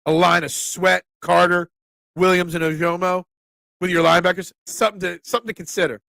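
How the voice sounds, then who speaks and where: A man's voice: high voice, level tone, a little fast, vocal fry, sharp tone, dry recording. A man from Philadelphia with a Philly accent, hosting a casual sports talk stream, joking with viewers and dropping lots of ums. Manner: chatty, joking with chat, frequent ums. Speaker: sports talk show host.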